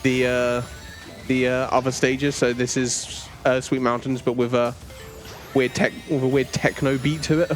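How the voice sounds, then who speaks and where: A man's voice: mid-range voice, flat delivery, measured pace. Joking man chatting on the couch. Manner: easygoing, joking, filler-heavy. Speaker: co-commentator. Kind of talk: casual game commentary. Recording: faint game music behind. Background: faint game music.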